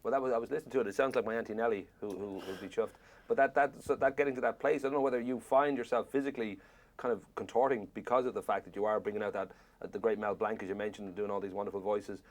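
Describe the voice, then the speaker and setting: Irish guy interviewer, talks fast, low voice, long rambly jokey questions. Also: fairly even intonation. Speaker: film interviewer.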